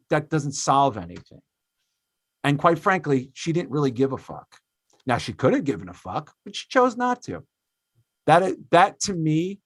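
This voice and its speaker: A man in his thirties hosting a podcast, telling a story in an animated, profane way, swinging between loud and quiet. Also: mid-range voice, no room sound. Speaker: podcast host. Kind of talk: casual podcast chat.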